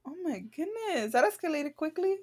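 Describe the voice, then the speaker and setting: A woman's voice: high-pitched, sing-song, normal speed. A woman co-hosting a podcast, guessing quiz answers in casual chat, playful and joking with frequent laughter.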